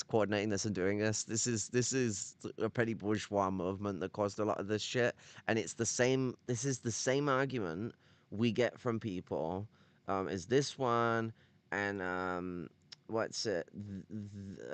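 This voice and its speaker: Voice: medium pitch, no echo. A livestream host giving casual commentary on a text. They read quotes aloud and break off into rambling, profane, sardonic asides full of fillers and restarts.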